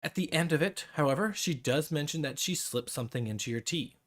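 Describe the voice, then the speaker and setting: A man's voice: a little high, animated, fairly quick, hardly any pauses, a bit bright. A man narrating as game master of a tabletop game, rambling with frequent restarts. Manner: rambling with many restarts and fillers.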